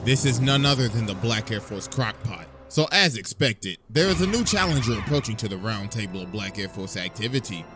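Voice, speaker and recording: A man's voice: fairly low pitch, very animated, fairly quick, hardly any pauses. Hyped swearing comedy narrator, man. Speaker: narrator of a comedic anime recap. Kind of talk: profane comedic storytelling. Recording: music playing clearly underneath.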